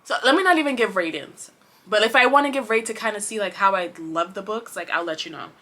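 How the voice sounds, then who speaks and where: A woman chatting to camera about books she read, rambling with many fillers and restarts, passionate and expressive. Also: mid-range voice, quick pace. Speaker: booktuber. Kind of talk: casual chat to camera.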